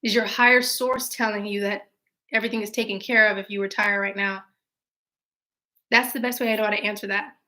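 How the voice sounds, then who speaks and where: Bright, chatty young woman live-streaming. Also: mid-range voice, brisk. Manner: chatty, animated storytelling with answering of viewer questions. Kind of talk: casual live-stream chat and storytelling. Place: at home.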